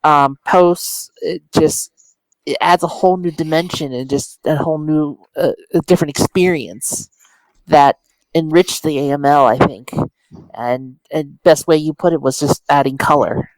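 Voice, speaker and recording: A man co-hosting a podcast in casual chat, speaking haltingly and searching for words. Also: a little high, no room sound, rough recording. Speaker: podcast co-host.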